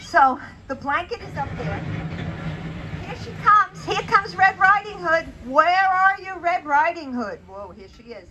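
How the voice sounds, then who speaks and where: A woman reads a children's story aloud, stopping to ask her little listeners what they think. Her voice is bright and clear, and there is a faint hum behind her. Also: very high-pitched, unhurried, rough recording. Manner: animated, asks young listeners questions. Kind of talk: children's story time, puppet telling.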